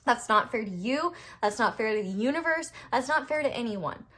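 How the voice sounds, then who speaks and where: A woman's voice: fairly high pitch, lively intonation, normal speed, a bit bright. A young woman giving a tarot reading, talking casually, bluntly and passionately, with lots of "like" and a fired-up edge. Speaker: tarot reader.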